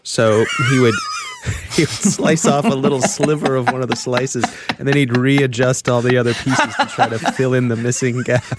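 A man's voice: mid-range voice, normal speed, heavy background noise. A man guesting on a casual podcast, joking and telling funny stories. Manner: jokey storyteller, puts on voices.

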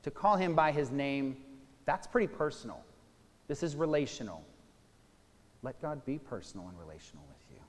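A man's voice: mid-range voice, lively intonation, moderate pace, pauses often. A man preaching a sermon, teaching casually and a little self-deprecating, then reading scripture aloud with emphasis. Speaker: pastor. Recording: long hall reverb.

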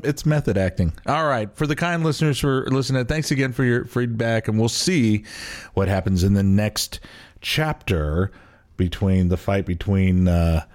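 This man hosts a podcast, his lowish voice a little mellow. Talking casually, he wanders from point to point, mocks himself, and often trails off before restarting.

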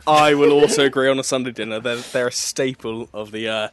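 A man's voice: medium pitch, fairly bright tone, dry recording. A young man from England, hosting a podcast in casual, jokey chat over a remote call. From southern England. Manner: jokey, chatty banter, quick to laugh. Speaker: podcast host.

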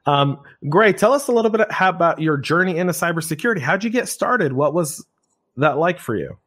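A man's voice: fairly high pitch, lively intonation, a little fast, fairly bright tone. A man hosting a podcast in an upbeat, joking way. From United States. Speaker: podcast host.

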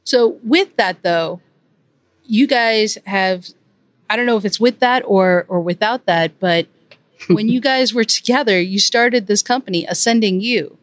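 A woman's voice: medium pitch, unhurried, dry recording. A woman hosting her podcast in upbeat, chatty conversation with guests. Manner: upbeat and chatty, laughs easily. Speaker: podcast host. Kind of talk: casual interview chat.

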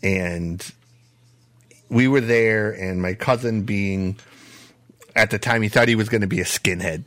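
A man's voice: on the low side, unhurried, a bit bright, no room sound. A man from Michigan hosting a podcast, telling a story in a rambling, casual way full of "uh" and "you know". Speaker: podcast host.

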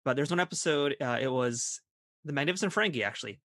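A man's voice: mid-range voice, lively intonation, quick pace, fairly bright tone, no echo, studio quality. A man hosting a podcast, asking questions in an eager, fan-like way. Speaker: podcast host. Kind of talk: podcast interview.

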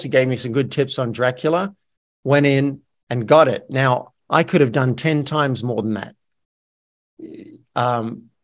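A man, a business coach turned actor, candidly telling stories in an interview with a self-deprecating manner. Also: medium pitch. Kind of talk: casual storytelling interview.

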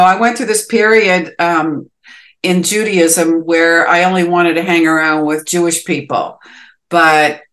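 A woman's voice: on the low side, fairly bright tone. A woman with a Boston accent, a musician guest chatting in a podcast interview, rambling and leaning on "you know" fillers.

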